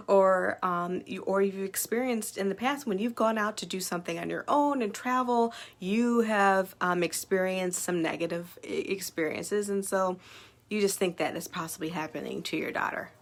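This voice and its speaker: A woman who owns a small business shares self-development thoughts with her followers in a casual talk to camera. She sounds upbeat and chatty, uses many fillers, and speaks at medium pitch and a moderate pace.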